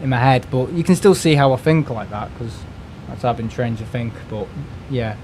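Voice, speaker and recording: A man's voice: mid-range voice, steady tone, moderate pace, background noise. A man, chatting casually during a live stream, rambling and exasperated, restarting words and swearing freely. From United Kingdom. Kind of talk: casual ranting chat.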